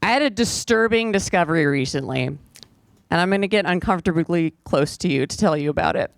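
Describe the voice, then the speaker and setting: Low-voiced woman doing dry stand-up. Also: animated, fairly quick, gravelly, no echo. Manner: dry, self-deprecating delivery with sudden high-pitched voiced asides. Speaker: stand-up comedian. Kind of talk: stand-up set. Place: comedy club stage.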